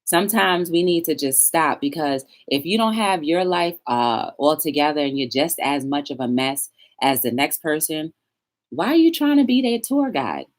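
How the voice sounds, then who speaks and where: A woman hosts a casual live-stream talk show, speaking straight to her viewers. Her voice sits on the low side but leaps around with lively, animated pitch. She leans on words for emphasis when she reads quotes aloud. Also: normal speed.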